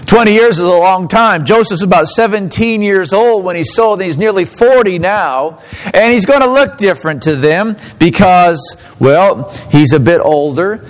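A man delivering a sermon, with a voice sitting a little higher than most men's. He stresses his words hard, jumping up for emphasis and dropping low and quiet. He reads scripture aloud and retells it in his own words. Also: rough recording. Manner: emphatic preaching, swinging between loud rises and low drops. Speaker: pastor.

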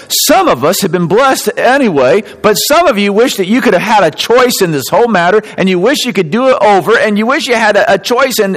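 A man preaching in a church, his voice sitting a little high for a man. He delivers his sermon with animated swings, rising to emphatic peaks and dropping back to quiet, softer reflection. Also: rough recording. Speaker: pastor.

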